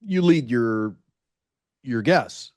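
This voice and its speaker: A man's voice: mid-range voice, animated, very slow. A man hosting a podcast, asking casual interview questions, rambling and restarting his sentences along the way. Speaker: podcast host.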